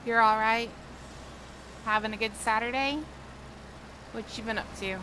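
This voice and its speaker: A woman's voice: on the high side, fairly even intonation, measured pace, background noise. A woman livestreamer chatting casually with viewers while gaming, telling stories and laughing often.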